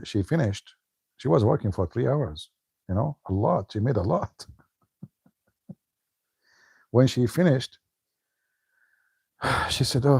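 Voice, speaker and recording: A man's voice: on the low side, gravelly, warm tone, slightly rough, no room sound. A man giving a casual livestream talk as an online commentator, joking and laughing often.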